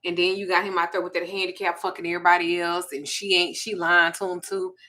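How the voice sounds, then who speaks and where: A woman with a Southern US accent hosting a casual livestream, telling a story and reading viewer comments in a blunt, profane, animated way. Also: on the low side, fast. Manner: blunt, profane, animated, with sudden loud jumps.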